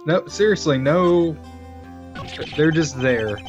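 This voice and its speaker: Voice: medium pitch, expressive, slow, soft background music. A teasing, giggly co-host dubbing a game, on a dull lo-fi mic. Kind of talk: casual dubbing play-through.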